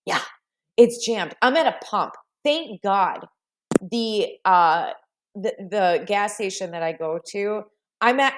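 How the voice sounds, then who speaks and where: A woman vlogger telling a rambling, self-mocking story in a casual voice-over. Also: medium pitch.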